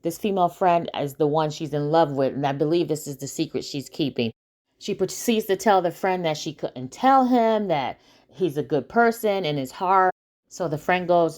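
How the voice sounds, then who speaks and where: A woman's voice: low voice, lively intonation, normal speed, a little mellow. A woman casually recapping a TV episode, chatty, with many fillers and asides to her viewers.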